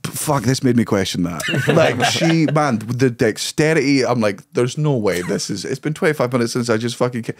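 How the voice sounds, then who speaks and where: A man's voice: medium pitch, expressive, brisk, hardly any pauses, slight background noise. A Scottish man with a Caithness accent, a comedian guest on a podcast telling stories in casual, swear-filled chat and laughing through them. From Scotland.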